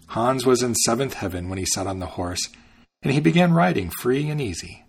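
Gravelly, husky male storyteller. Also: medium pitch, brisk. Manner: expressive, animated storytelling. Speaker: podcast host and reader. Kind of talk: storybook reading.

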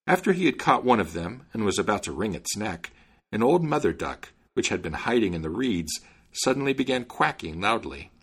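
A man narrating a fairy tale in an expressive, lively reading style. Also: on the low side, moderate pace, breathy edge. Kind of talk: storybook narration.

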